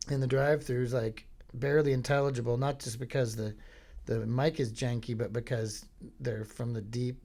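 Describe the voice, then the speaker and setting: A man's voice: medium pitch, fairly even intonation, moderate pace, a little mellow. A man from Florida hosting a podcast, telling rambling, jokey stories in a casual comedic monologue. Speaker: podcast host.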